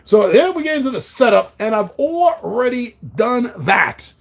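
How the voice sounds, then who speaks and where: A man's voice: very high-pitched, sing-song, unhurried, creaky. A man hosting a solo tabletop game playthrough, reading the story text dramatically with casual asides. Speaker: host.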